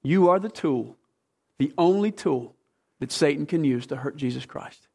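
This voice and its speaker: A pastor in his fifties preaches to his congregation. His voice sits high for a man, and he presses his points with emphatic, repeated questions. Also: animated, moderate pace, creaky, darkish tone, slightly rough. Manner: rising to fervent, emphatic preaching. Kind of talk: sermon.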